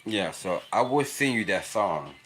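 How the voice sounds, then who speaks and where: A man's voice: fairly low pitch, animated, a little slow, fairly bright tone, soft background music. A young man rambling and laughing in a casual livestream chat with a child nearby. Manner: rambling, repetitive, laughs often. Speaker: livestream host.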